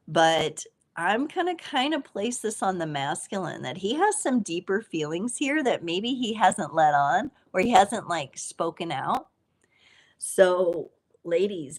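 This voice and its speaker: Chatty woman doing a live tarot reading. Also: lowish voice. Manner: chatty and playful, with frequent fillers and laughs. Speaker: tarot reader hosting a live stream.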